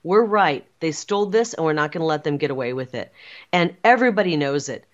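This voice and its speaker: A woman with a very low, deep voice speaks as an interview guest, defiant and insistent. She drives her points home with repetition. The audio is a little dull and muffled. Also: expressive, fairly quick. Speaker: political guest. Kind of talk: emphatic interview talk.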